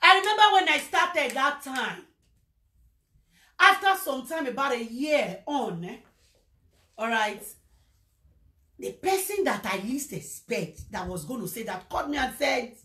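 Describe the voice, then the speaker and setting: A Nigerian woman talks to her followers in a high, lively voice, telling a personal story and dropping into Pidgin now and then. Her voice rings in an echoey room. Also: measured pace, long pauses. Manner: animated storytelling, slipping into Pidgin. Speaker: social media presenter. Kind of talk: casual livestream monologue.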